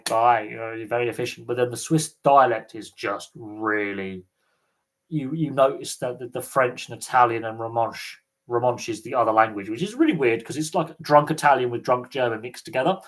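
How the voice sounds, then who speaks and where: A man with a Thames Valley English accent, hosting a casual livestream chat, rambling with lots of fillers and restarts. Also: medium pitch. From England. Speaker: livestream host.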